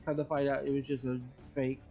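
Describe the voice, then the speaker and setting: This streamer host speaks a little fast in a creaky voice, with the high frequencies cut off and soft music playing underneath. Chatting casually during his game stream, he spins lively stories, curses without restraint, and imitates others by pitching his voice up high.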